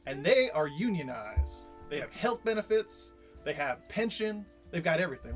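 A man's voice: a little high, very animated, moderate pace, soft background music. A man speaking in character at a tabletop game, preachy and insistent like he's giving a speech. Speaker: player. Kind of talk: in-character role-play.

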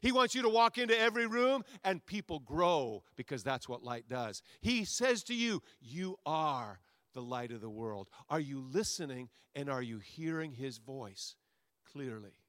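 A man, a pastor, preaching a sermon to his congregation, with a repetitive, rousing cadence that swings between loud soaring lines and quiet asides. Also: fairly high pitch, expressive, normal speed, dry recording, studio quality. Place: church sanctuary before a congregation.

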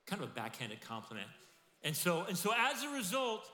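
A middle-aged man preaching a sermon as pastor, animated and acting out quoted voices. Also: high-pitched, fairly quick. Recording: echoey church hall.

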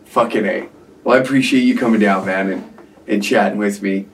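A man's voice: lowish voice, a little fast. A man hosting a podcast, telling a story in casual chat with lots of swearing and laughter. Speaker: podcast host. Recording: distant mic, faint background noise.

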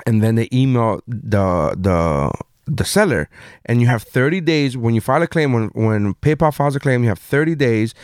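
A man's voice: fairly low pitch, a little mellow, smooth, no room sound. Profane storytelling man, dry mic. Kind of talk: casual chat.

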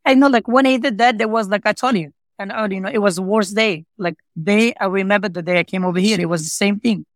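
Quick and with hardly any pauses, a high-voiced man, a pizza shop owner, talks as an interview guest about his personal story. He repeats himself, fills his speech with "you know, like," and speaks non-native English with broken grammar, all in an earnest, heartfelt way. No room sound is audible.

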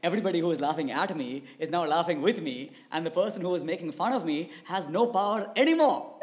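A man, co-hosting a casual podcast chat, animated and emphatic and quick to laugh. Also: fairly high pitch. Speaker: podcast co-host.

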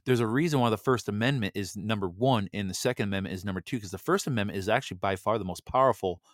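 A man's voice: lowish voice, fast talker, dry recording, studio quality. A man hosting a commentary show, reading headlines and ranting about them with sarcasm and many "you know" fillers. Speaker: host of a news commentary show.

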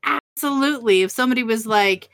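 A woman's voice: a little high, fast talker, fairly bright tone. A woman co-hosting a podcast in casual chat, making wry asides and swearing casually. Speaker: podcast co-host. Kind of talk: casual chat recapping a TV episode.

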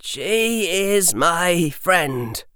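A man's voice: high-pitched, expressive, drawn-out words, sharp tone, clear, resonant tone, no echo, clean studio sound, pitched above the performer's own voice, exaggerated voice. A man doing Harry Potter, a cool, formal young wizard. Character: composed, earnest young boy wizard.

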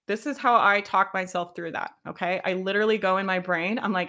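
A woman's voice: medium pitch, steady tone, fairly quick, few pauses, pushed and bright. A woman coaching a live online workshop, chatty and encouraging, often checking in with "right?" and laughing. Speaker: social media coach.

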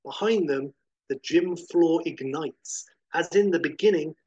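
A man hosting a podcast, narrating a screenplay pitch descriptively, with fillers and restarts. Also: slightly rough, rough recording. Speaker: podcast host pitching a film.

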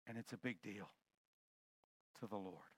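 A male pastor preaching a sermon in a loose, conversational and joking way, swinging between loud and soft. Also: on the low side, measured pace, slightly rough, no room sound.

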